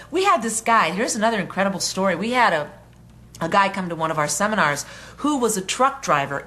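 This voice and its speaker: Earnest higher-voiced woman teaching self-help. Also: fairly bright tone. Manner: earnest, conversational storytelling. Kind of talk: motivational self-help talk.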